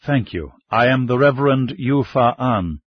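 Dignified fifties minister, measured and formal, voiced by a man, husky, dry lo-fi read. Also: medium pitch, lively intonation, dry recording, lightly acted. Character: dignified male Chinese Baptist minister in his fifties, calm. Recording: dull lo-fi dry recording.

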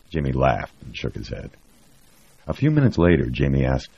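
A man reading a novel aloud in a steady, measured scripted narration. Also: rumbling low, gravelly, husky. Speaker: audiobook narrator. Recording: dry, dull lo-fi recording.

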